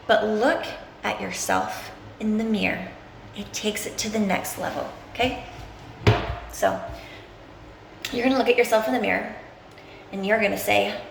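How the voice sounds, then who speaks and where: At home, a woman gives an earnest, coaxing motivational self-help talk to camera and often checks in with "okay?", eventually moving to a bathroom mirror. Her mid-range voice is gravelly and a bit bright. Young children are nearby, and there's slight background noise.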